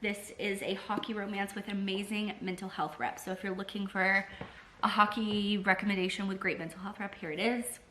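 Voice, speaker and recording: A woman book vlogger chatting casually and excitably to camera, full of "like" fillers and the odd swear word. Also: mid-range voice, brisk, a little hiss or hum. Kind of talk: casual vlog chat.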